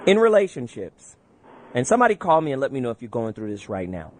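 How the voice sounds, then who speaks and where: A man's voice: medium pitch, quick pace, slight background noise. A man hosting a call-in radio talk show, casual and playful, joking with his guests and inviting callers. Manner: animated, playful, laughs often.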